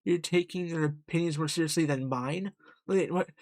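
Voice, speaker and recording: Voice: medium pitch, normal speed, a little mellow, no echo, natural voice. A streamer reading a lonely, jealous partner's lines with bitter sarcasm while playing a narrative game. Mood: angry. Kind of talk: voicing a game character.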